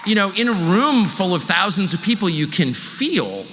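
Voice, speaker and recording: Male host, bright lively voice, joking monologue to a live audience, reverb of a large hall. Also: sits high, normal speed, a faint crowd. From California. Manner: animated, joking, self-deprecating. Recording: hall reverb, faint room noise.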